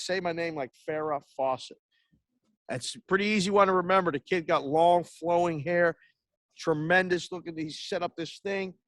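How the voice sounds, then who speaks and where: A man's voice: a little high, no echo. Brash rambling sports podcast host, man. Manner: rambling, brash, swears freely. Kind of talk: casual sports podcast chat.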